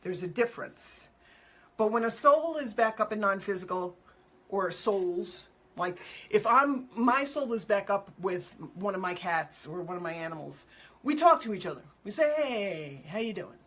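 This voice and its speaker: A woman's voice: medium pitch, animated, moderate pace, a bit bright. Chatty, upbeat woman host. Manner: chatty and upbeat, acting out quotes playfully; loose, repetitive phrasing with fillers. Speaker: animal communicator hosting a show. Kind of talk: casual live talk answering viewer questions.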